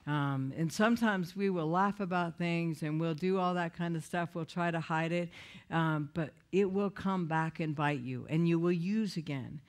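A woman giving an earnest, candid recovery talk in a conversational way, often restarting her sentences. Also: fairly low pitch. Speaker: recovery speaker.

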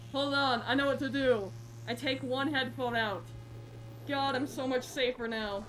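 A young woman streamer reacting to horror games live, shrieking when scared and reading the story dialogue softly. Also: sits high, fairly even intonation, unhurried, slight background noise. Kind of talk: live horror game commentary.

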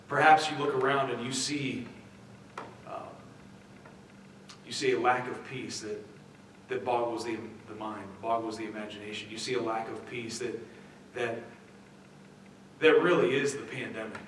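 A man's voice: medium pitch, fairly even intonation, moderate pace, fairly bright tone, a little hiss or hum. A man pastor giving a conversational sermon in a church, full of restarts and rhetorical questions. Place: church sanctuary. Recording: very echoey church hall, mic at a distance.

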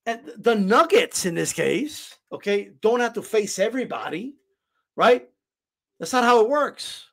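Man, reaction host, argumentative, high and animated delivery. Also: a little slow. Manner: argumentative, keeps repeating "right?". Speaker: channel host reacting to a clip. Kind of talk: heated reaction commentary.

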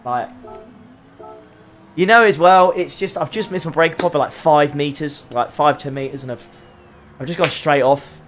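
A man's voice: a little high, normal speed, long pauses, a bit bright, soft background music. Frustrated man muttering over a race. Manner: frustrated, self-critical muttering with frequent groans and sighs. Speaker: sim racing streamer. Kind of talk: live racing game commentary.

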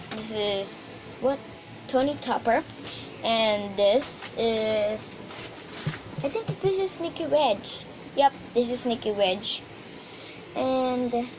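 Woman doing a toy unboxing, kinda high voice, slow and rambly, lots of um and like. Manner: rambling and hesitant, with many fillers. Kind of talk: casual unboxing chat. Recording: noisy room background.

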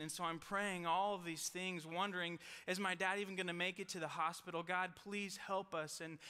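Young man, chapel sermon in a reverberant hall; lively storyteller, high tense voice, self-deprecating. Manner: storytelling, self-deprecating humor, restarts and quick asides. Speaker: college chapel speaker.

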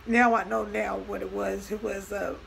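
A woman's voice: mid-range voice, flat delivery, normal speed, gravelly, a bit bright, slight background noise, rough recording. A young woman vlogging a personal story, talking loosely and acting out both sides of each conversation. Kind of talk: storytime vlog.

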